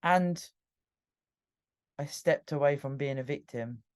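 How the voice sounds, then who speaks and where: A woman's voice: low voice, takes it slowly, clean tone. A British woman hosting a podcast, candidly telling her own story in an emotional monologue. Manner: candid and emotional, with frequent restarts. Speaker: podcast host.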